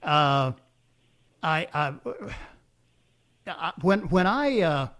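An older man hosting a talk radio call-in show in a folksy, halting manner, full of fillers and restarts. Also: a little high, lively intonation, fairly bright tone. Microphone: studio microphone.

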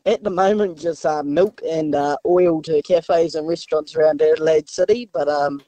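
A man's voice: on the high side, steady tone, moderate pace, warm tone, no echo. A man with a New Zealand accent calling in, laid-back and laughing, his voice altered by a disguiser. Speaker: caller.

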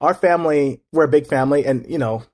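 Husky-voiced man, earnest and reflective. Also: a little high, fast talker. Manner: earnest, reflective, with frequent restarts. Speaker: interview guest. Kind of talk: casual conversation.

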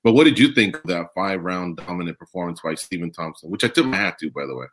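A man hosting a casual sports talk show, animated and rambling, asking his co-host questions. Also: deep voice, fast talker.

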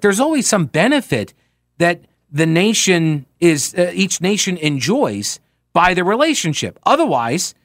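A man hosting a talk radio show, delivering an animated, sarcastic monologue with asides and mocking quotes. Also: high voice, no room sound, studio quality.

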